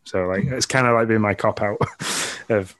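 Low-voiced man chatting, dry sound. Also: moderate pace, a bit bright, no room sound. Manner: easygoing, rambling, chuckles often. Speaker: podcast co-host. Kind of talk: casual chat.

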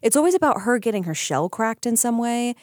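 Animated swearing woman podcast co-host. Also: fairly high pitch, fairly quick, no echo, studio quality. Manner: animated, swears freely, jumps in excitedly. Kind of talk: casual chat.

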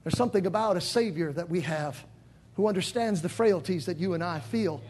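A male pastor preaching in a church with a strikingly high, husky voice. He builds to shouted peaks, then sinks into hushed, dramatic lines. The delivery is fervent sermon style throughout. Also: fairly quick. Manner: dramatic preaching, swinging from shouts to near whispers. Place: church sanctuary.

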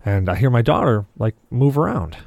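A podcast co-host tells a long story on a casual show, vividly acting out the lines of the people in it. His mid-range voice is gravelly and darkish, with big pitch swings and normal speed. There's no room sound, and the highs are cut off.

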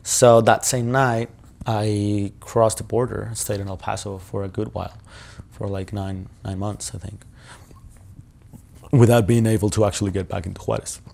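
A man's voice: fairly low pitch, fairly even intonation, normal speed, gravelly, darkish tone. A male journalist recounting a personal ordeal in an interview, talking casually with lots of fillers and swearing.

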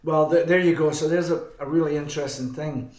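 A man's voice: fairly high pitch, fairly even intonation, a little fast, darkish tone. Scottish man telling stories, roomy sound. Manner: rambling, self-correcting, chuckling. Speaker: band frontman, guest. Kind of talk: anecdotal storytelling. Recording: roomy echo.

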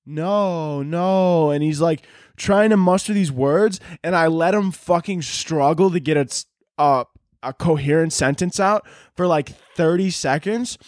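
A man's voice: on the high side, measured pace, a little mellow, dry recording, clean studio sound. A young man hosting a solo podcast, telling stories in a crude, profane, joking way that rambles along. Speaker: podcast host. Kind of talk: casual solo podcast storytelling.

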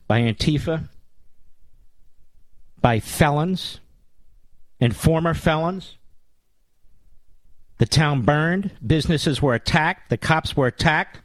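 A man's voice: medium pitch, no room sound. A man hosting a political talk radio show in a monologue, combative and sarcastic, with mocking nicknames.

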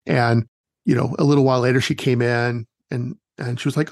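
A man who works as a wilderness educator, telling stories in a relaxed, chatty way during an interview and acting out the people he quotes. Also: mid-range voice, brisk, creaky, no room sound, clean studio sound. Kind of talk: casual interview storytelling.

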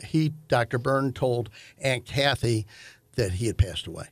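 An older man, telling a family story in a halting way with many fillers and restarts. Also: mid-range voice, animated, no echo. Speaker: guest, host's father. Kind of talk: conversational storytelling.

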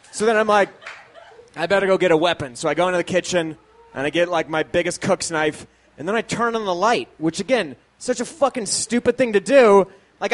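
A man with a fairly high voice tells a true story on stage at a live show. He is self-deprecating, swears freely and laughs as he talks. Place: small live venue with audience.

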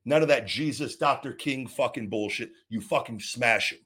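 A middle-aged man hosting a live show and answering viewer questions, swinging between profane, heated ranting and calm, rambling advice, with frequent repeated words and restarts. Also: mid-range voice, normal speed, breathy edge. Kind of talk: unscripted livestream chat.

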